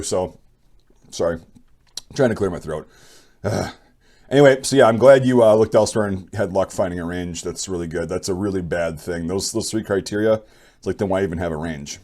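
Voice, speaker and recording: A young man hosts his channel, bluntly sharing opinions and reading viewer stories in a rambling, casual way. He speaks briskly in a low, darkish voice.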